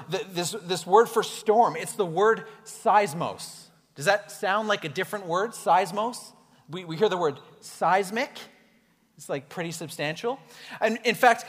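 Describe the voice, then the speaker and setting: A male pastor preaching an animated, conversational sermon to his congregation in a church hall. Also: sits high. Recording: echoey hall reverb.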